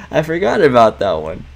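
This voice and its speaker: A man's voice: mid-range voice, creaky. Chatty man streaming a game. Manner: chatty, laughs often, reads game text aloud. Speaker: gaming writer streaming a game. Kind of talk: casual let's-play commentary.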